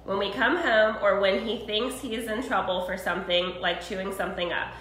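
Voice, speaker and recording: A woman's voice: mid-range voice, steady tone, brisk, fairly bright tone. A woman co-host reading viewer questions about dogs aloud. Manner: reads listener questions plainly. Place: dog boarding facility room. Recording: echoey room, faint noise.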